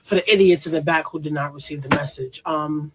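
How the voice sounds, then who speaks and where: A woman with a deep voice and a New York accent, ranting bluntly and profanely outdoors in a storm. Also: fairly even intonation, fairly quick, background noise. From New York City. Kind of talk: ranting to camera.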